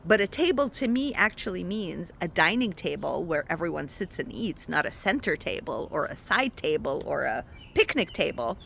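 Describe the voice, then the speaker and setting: Woman, spiritual coach, casual talk to viewers, chatty, very animated pitch. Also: normal speed, creaky, few pauses, a little hiss or hum. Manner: expressive, chatty, often asks "right?".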